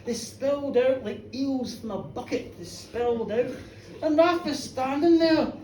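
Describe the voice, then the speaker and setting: A woman telling a story live in a pub, chatty and animated, playing to the crowd. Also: high-pitched, a little slow, a little hiss or hum. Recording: echoey live bar, from a distance.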